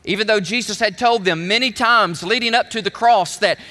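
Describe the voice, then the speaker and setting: Male preacher, high bright voice, animated object-lesson sermon, hall reverb. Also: normal speed, few pauses. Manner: animated, emphatic storytelling.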